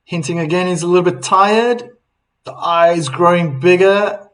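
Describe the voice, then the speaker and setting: A man calling a tennis match live on a stream, chatty and relaxed, reading out viewer comments and laughing now and then. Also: high voice, unhurried, low-quality recording. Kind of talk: casual live play-by-play commentary.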